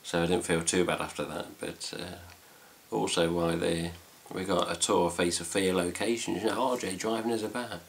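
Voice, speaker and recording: A man with an English accent and a very low, gravelly voice chats casually at home. He rambles through the story with lots of fillers and mild swearing, in a relaxed vlog style. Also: normal speed, few pauses, slight background noise. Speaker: fan site vlogger. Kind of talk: casual chat.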